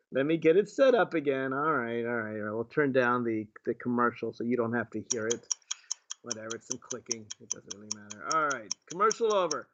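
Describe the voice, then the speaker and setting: A man's voice: mid-range voice, expressive, fairly quick, a bit bright, highs cut off. A man hosting a political talk show, delivering a sarcastic, indignant commentary full of rhetorical questions.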